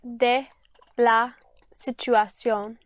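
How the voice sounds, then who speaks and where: A woman's voice: fairly high pitch, flat delivery, very slow, no echo. A woman student answering a language teacher's questions hesitantly.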